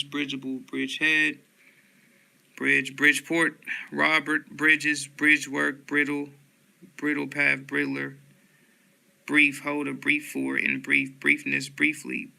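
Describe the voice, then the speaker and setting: A man reading dictionary entries aloud one word at a time, with flat, unhurried delivery and occasional stumbles. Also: fairly high pitch, vocal fry, rough recording.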